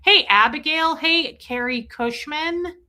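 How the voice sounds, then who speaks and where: A woman's voice: high voice, slow, bright, forceful tone. A woman hosting a casual livestream, chatting and joking as she reads out viewers' names. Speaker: livestream host.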